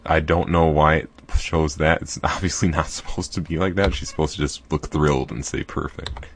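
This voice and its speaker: A man's voice: rumbling low, steady tone, a little fast, vocal fry, slight background noise. A man hosting a let's play, chatting casually and apologetic over the gameplay. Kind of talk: casual game commentary. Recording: faint game music behind.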